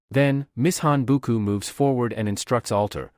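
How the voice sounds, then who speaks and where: A man narrating a comic recap story in a steady, scripted storytelling manner. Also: mid-range voice, normal speed, hardly any pauses, no room sound, studio quality.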